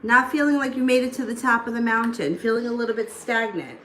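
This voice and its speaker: A woman's voice: on the high side, fast talker, fairly bright tone. A woman giving a casual live tarot reading, chatty and loose, with background noise. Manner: chatty, talks baby talk to a child between readings. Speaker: tarot reader. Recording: echoey room with background noise.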